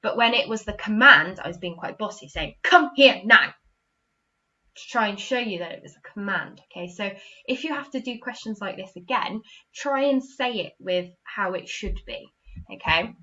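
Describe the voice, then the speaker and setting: Bright-voiced English teacher talking to kids. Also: female voice, medium pitch, moderate pace, muffled recording. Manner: clear, encouraging, acts out example sentences with expression. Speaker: primary school teacher. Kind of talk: recorded online lesson for young children.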